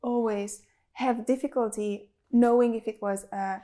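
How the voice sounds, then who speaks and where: Enthusiastic higher-voiced woman host. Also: steady tone, unhurried, dark tone. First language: not English. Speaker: interview host. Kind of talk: casual interview chat.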